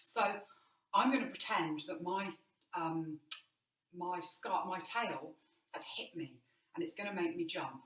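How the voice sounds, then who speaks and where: A woman's voice: lowish voice, moderate pace, fairly bright tone. A woman drama teacher giving an online movement lesson indoors, encouraging and demonstrating as she explains. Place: indoor room. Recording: roomy, mic at a distance.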